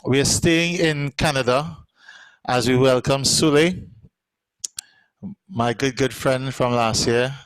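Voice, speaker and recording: A chatty, encouraging man hosts a live online show, steering the guests along with plenty of fillers. His voice is clear and resonant. The sound is dry, with very little room around it. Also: medium pitch, slow pace, long pauses, dry recording, rough recording. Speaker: host.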